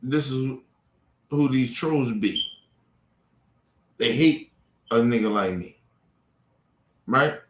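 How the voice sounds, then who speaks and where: A man's voice: medium pitch, lively intonation, slow pace, long pauses, a little hiss or hum. A man hosting a livestream, confronting trolls in the chat in a heated, profane rant. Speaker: livestream host. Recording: echoey room.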